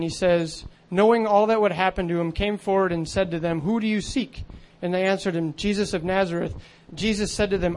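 A man preaching a sermon in an earnest, conversational way, with frequent fillers. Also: sits high.

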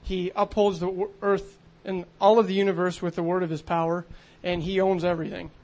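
A man's voice: high-pitched, flat delivery, a little fast, darkish tone. A man preaching a sermon in an earnest, conversational way, with frequent fillers.

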